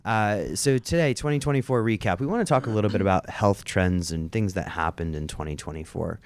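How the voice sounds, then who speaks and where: A man's voice: lowish voice, a little fast, clear, resonant tone, no echo. A man hosting a podcast in a loose, joking conversational way. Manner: easygoing, joking. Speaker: podcast host. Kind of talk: casual podcast chat.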